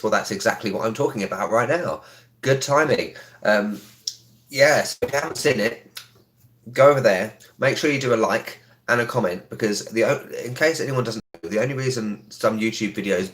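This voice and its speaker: A man with a sore throat hosts a casual live stream from a room at home. His voice sits fairly low, and he keeps it quiet and chatty, greeting viewers between frequent ums. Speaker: travel vlogger hosting a live stream. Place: indoors in a home.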